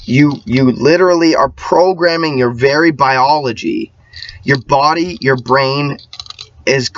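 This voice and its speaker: A man's voice: mid-range voice, a bit bright. A man ranting in a casual vlog monologue, emphatic and profane, rambling with many restarts. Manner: often mimics other people's voices. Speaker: vlogger. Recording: dull lo-fi sound, dry.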